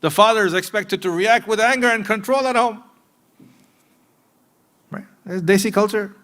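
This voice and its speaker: A man preaching a sermon in a mosque, earnest and direct with his listeners, moving between emphatic points and hushed asides. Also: high-pitched, normal speed. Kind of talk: sermon to a live congregation.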